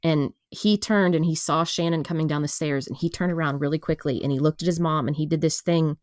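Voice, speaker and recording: Woman guest w a really low voice, chatty, laughs a lot, dry close sound. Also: steady tone, a little fast, a little mellow, dry recording. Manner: laughing, chatty anecdote telling. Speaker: podcast guest, film producer. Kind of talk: casual chat.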